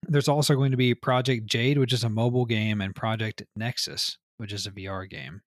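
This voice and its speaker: A man's voice: medium pitch, fairly even intonation, fairly quick, no echo, studio quality. A man co-hosting a casual gaming podcast, reading news items and riffing with loose, profane chatter. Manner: reads news items then riffs loosely, swears often.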